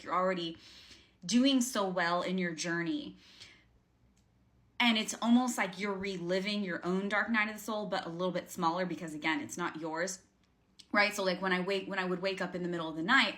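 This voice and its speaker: Fairly low in pitch but fairly bright in tone, a woman acting as a spiritual coach talks to camera in a casual vlog. She rambles earnestly and keeps using fillers and restarting sentences.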